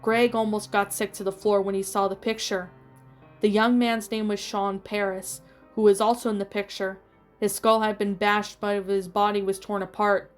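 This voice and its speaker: A woman reading a fan fiction story aloud in a steady storytelling voice with small slips. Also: medium pitch. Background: faint music.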